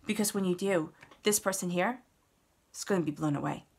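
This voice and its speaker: A woman's voice: fairly low pitch, brisk, gravelly, a little mellow, husky. A woman giving a casual, earnest tarot reading, talking straight to the listener and repeating words for emphasis. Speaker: tarot reader.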